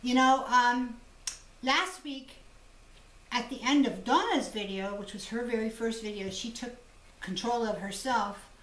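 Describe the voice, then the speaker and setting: A woman's voice: a little high, measured pace, fairly bright tone. A woman hosting a jewelry-making channel, chatting casually and telling stories to viewers. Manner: chatty, storytelling, laughs easily. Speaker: jewelry designer and channel host. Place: room in a home shop. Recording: echoey room, mic at a distance.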